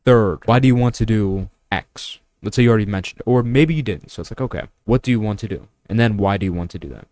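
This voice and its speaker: Young man, low pitch, dry close sound, preachy self-help vlogger who is blunt and provocative. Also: quick pace, hardly any pauses, darkish tone, no echo. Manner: blunt, preachy, fires rhetorical questions; crude, provocative asides. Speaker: vlogger giving money and mindset advice. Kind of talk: casual talking-head monologue.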